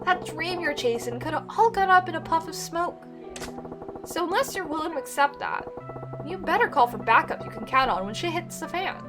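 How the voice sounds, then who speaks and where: A woman's voice: very high-pitched, lively intonation, moderate pace, music in the background, pitched above the performer's own voice. A woman reading the lines of a brash, protective male yakuza boss in a blunt, scolding, streetwise way. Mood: gruff, caring.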